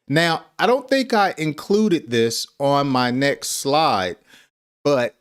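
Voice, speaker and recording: A man teaching an English lesson on a live stream, patiently repeating example phrases and chuckling at his own examples. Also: mid-range voice.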